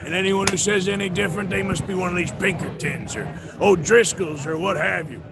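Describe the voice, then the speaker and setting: A gravelly cowboy outlaw. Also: male voice, high-pitched, a little fast. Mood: folksy warm. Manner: drawling, folksy, teasing. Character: gruff rugged cowboy outlaw man, friendly. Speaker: video message from a game voice actor. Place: busy convention hall. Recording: crowd noise behind, recorded video. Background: crowd chatter.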